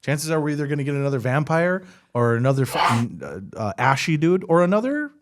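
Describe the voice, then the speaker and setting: Animated man recapping a movie. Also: on the high side, fast, noisy background. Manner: animated, swears often, laughs while retelling scenes. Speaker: podcast host. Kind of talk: casual movie recap chat.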